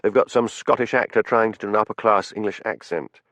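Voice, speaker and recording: A man's voice: on the low side, a little fast, fairly bright tone, no room sound, natural voice. A man voicing a chatty hotel manager with a scornful streak.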